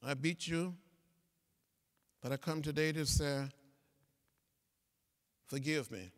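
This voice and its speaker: A man's voice: fairly high pitch, slow pace. A man in his seventies giving a speech to students in a large lecture hall, with a preacherly cadence and repeated phrases. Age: 70s. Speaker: guest speaker. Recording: reverberant hall sound.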